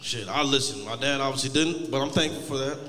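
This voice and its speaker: A man in his late twenties doing a stand-up set, laid-back and rambling, heavy on profanity and a little high. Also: fairly quick, bright, forceful tone, long reverb tail. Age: 20s. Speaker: stand-up comedian.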